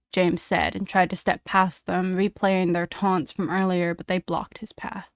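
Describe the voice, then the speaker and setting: A woman's voice: lowish voice, measured pace, few pauses, no room sound. Dry, close female story reader. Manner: expressive, dramatic reading. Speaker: reader of fan fiction. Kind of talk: reading a story aloud.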